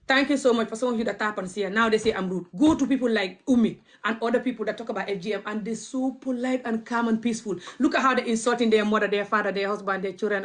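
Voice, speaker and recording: A woman vlogger, not a native English speaker, ranting bluntly to camera and repeating her points over and over. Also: medium pitch. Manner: blunt, repetitive, stubborn. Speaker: activist vlogger. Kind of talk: impassioned rant to camera.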